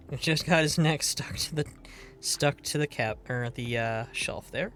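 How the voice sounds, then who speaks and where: A man's voice: mid-range voice, unhurried, a bit bright, slight background noise. A man streaming a game live, chatting casually in a rambling, playful way and swearing now and then.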